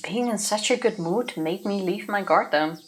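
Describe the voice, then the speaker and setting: A woman co-hosting a let's play, reading a visual novel's first-person narration aloud in a plain, steady way. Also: mid-range voice, moderate pace, slight background noise.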